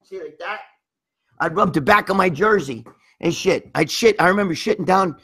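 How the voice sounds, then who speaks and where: Middle-aged male livestream host, husky and raspy, pitched high, profane and rambling. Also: moderate pace, a bit bright. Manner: profane, rambling, lots of restarts and "you know what I mean". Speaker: livestream host reading viewer comments. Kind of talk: crude casual storytelling.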